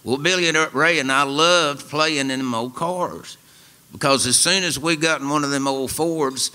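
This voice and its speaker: Folksy older East Tennessee storyteller. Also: male voice, fairly high pitch, normal speed, bright, forceful tone. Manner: folksy, wry, drawling. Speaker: storyteller and musician. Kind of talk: live storytelling to an audience. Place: radio studio with live audience.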